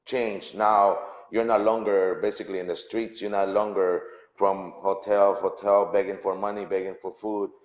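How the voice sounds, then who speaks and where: A man hosting an interview, talking casually in a halting way with many restarts. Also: deep voice, level tone. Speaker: host and spiritual reader. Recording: roomy, reverberant, dull lo-fi.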